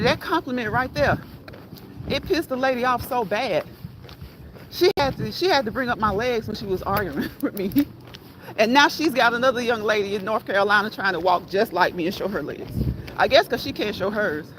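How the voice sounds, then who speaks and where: A woman's voice: a little high, animated, moderate pace. A woman hosting a casual walk-and-talk fitness livestream, chatting with her live chat and laughing often as she walks outdoors with her phone. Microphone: phone held while walking. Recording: outdoor phone audio with loud background noise.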